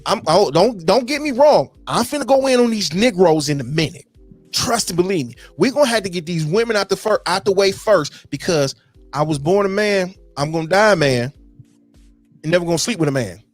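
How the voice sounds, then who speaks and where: A man co-hosting a podcast, ranting loudly and profanely in a heated casual debate that builds to shouting. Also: high-pitched, expressive, brisk, soft background music. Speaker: podcast co-host.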